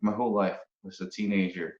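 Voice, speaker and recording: A man from the Philippines, a guest musician, talking casually in an interview, often pausing and restarting his sentences. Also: fairly low pitch, steady tone. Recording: roomy, dull podcast audio.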